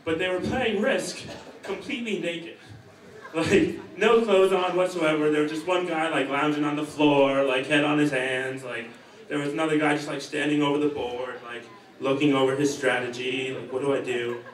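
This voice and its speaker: A young man doing a stand-up comedy set, offhand and deadpan with rambling asides. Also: on the high side, normal speed, distant mic. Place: comedy stage in a hall. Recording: echoey hall, mic heard from afar.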